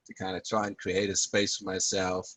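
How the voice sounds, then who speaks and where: Brief: relaxed male co-host, lower voice, halting casual speech. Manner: easygoing, halting, repeats words. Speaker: podcast co-host. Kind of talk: casual chat.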